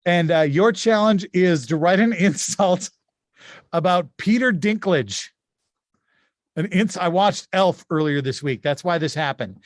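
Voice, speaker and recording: A man hosting a streamed insult comedy game, brisk and joking, often laughing as he reads out the rules. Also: sits high, expressive, no echo, studio quality.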